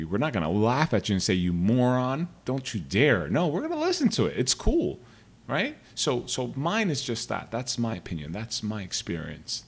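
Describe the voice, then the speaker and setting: A man's voice: deep voice, gravelly, husky. A middle-aged man hosting a solo podcast, giving emphatic, repetitive advice in a casual, profane way. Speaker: podcast host.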